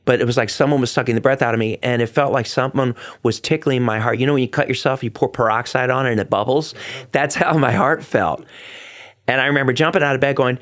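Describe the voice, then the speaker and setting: Middle-aged male stage performer, interview guest; heartfelt, animated storyteller who acts out quotes. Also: mid-range voice, fast talker. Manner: excitable, acts out quotes with big vocal swings; earnest and heartfelt.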